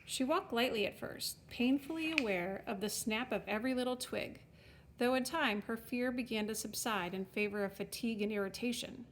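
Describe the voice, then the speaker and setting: A woman with a somewhat high voice reads a children's fantasy chapter aloud. Her narration is wry and expressive, paced like a storybook. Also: moderate pace, a little hiss or hum. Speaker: audiobook narrator.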